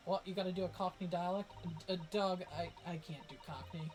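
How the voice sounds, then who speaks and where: A man's voice: high-pitched, steady tone, moderate pace, music in the background, low-quality recording. A man streaming a game and chatting casually with viewers in a laid-back, joking way. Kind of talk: casual chat with live chat.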